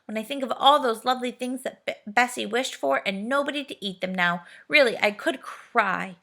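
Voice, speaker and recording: Sensible young boy in a storybook, grumpy and bright-toned; voiced by a woman. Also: on the high side, moderate pace, vocal fry, pitched above the performer's own voice. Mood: complaining.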